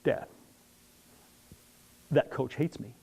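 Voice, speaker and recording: A man's voice: very slow, warm tone. A man voicing his sulky teenage daughter as she complains to her dad. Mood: pouting.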